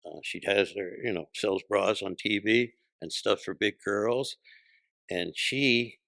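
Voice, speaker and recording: A man's voice: on the low side, unhurried, vocal fry, fairly bright tone, dry recording. An older man, a comedian guest, telling punchy, profane anecdotes and acting out voices in an interview. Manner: punchy, profane, acts out voices in his stories.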